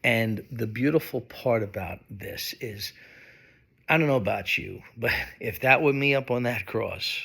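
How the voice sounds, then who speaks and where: A man preaching a sermon, slow and emphatic, with dramatic pauses. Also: medium pitch, gravelly, a bit bright, breathy edge. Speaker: pastor.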